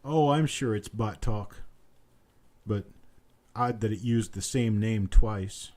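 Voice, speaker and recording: A man hosting a live online coin auction from home, repeating bid calls in a steady chant and breaking off into folksy chat. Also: lowish voice, takes it slowly. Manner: repetitive bid-calling chant mixed with folksy banter. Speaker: auctioneer host. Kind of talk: live online auction calling with chatty asides.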